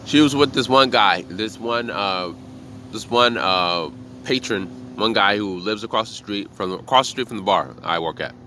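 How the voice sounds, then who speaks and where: Blunt, profane man with a bright voice. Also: fairly low pitch, moderate pace, slight background noise. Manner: blunt, profane, animated storytelling. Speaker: bartender. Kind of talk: casual motivational monologue.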